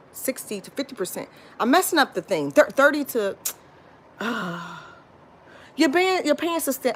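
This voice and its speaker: Talking casually to her viewers, whom she calls y'all, this woman from Florida rambles through a lively storytime with frequent restarts, though she sounds tired. Her voice is mid-range, with a slight hiss or hum on the audio.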